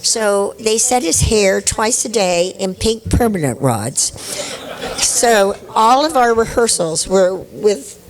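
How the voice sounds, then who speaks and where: An older actress at a convention panel, telling chatty, anecdotal stories and laughing often. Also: female voice, medium pitch, animated, slow, poor audio.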